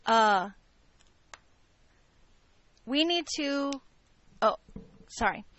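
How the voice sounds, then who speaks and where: A woman's voice: fairly high pitch, animated, drawn-out words, fairly bright tone, highs cut off. A woman teaching a math class, joking with her students as she lectures.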